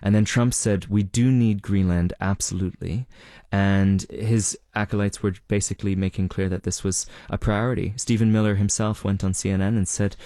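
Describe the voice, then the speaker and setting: A man with a very deep, mellow voice lays out what he has reported in a measured, explanatory way. He slips in the odd filler as he thinks. The sound is close and dry. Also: fairly even intonation, no room sound. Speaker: reporter guest. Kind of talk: interview answers.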